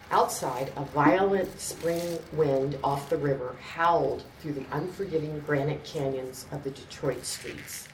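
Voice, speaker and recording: Low-voiced woman narrator, measured storytelling; distant mic, roomy. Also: a little mellow, a little hiss or hum. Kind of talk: scripted narration.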